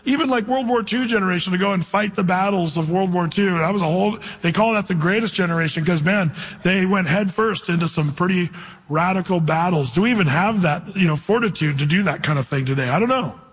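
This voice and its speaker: A man preaching a conversational sermon, telling stories and reading scripture slowly. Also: sits high, slightly rough, in a large hall, poor audio. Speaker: pastor.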